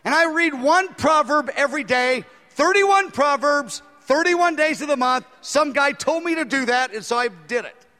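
A man's voice: very high-pitched, animated, moderate pace, hardly any pauses, bright, forceful tone. A man preaching a sermon, telling a story and acting out the dialogue in it with animation. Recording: long hall reverb.

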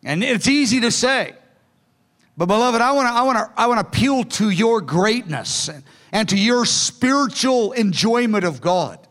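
A man's voice: high voice, lively intonation, moderate pace, fairly bright tone. A man preaching a sermon in an earnest, pleading way, sometimes acting out quoted lines. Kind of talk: sermon teaching from notes.

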